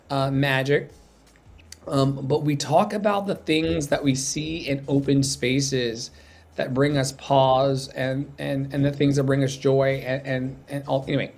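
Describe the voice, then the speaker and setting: A man hosts a casual live stream in a rambling, filler-heavy way, his voice at an everyday middle pitch. He meanders from point to point as he talks. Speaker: host.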